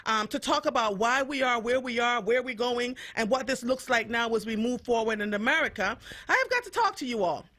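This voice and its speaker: Jamaican-born woman on the radio, high bright voice, fired up and emphatic, fed up. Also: expressive, a little fast. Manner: fiery, emphatic, repeats for emphasis. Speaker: radio host. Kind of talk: impassioned radio monologue.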